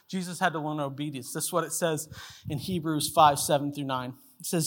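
A man's voice: on the high side, steady tone, fairly quick, fairly bright tone. A man in his thirties preaching a sermon as pastor, telling a family story and acting out its voices. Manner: storytelling, acts out voices in anecdotes.

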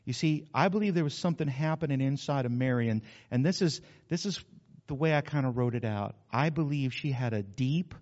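A man preaching a folksy, animated sermon and asking the congregation questions, in a church hall, with a dull sound. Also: mid-range voice, a little fast.

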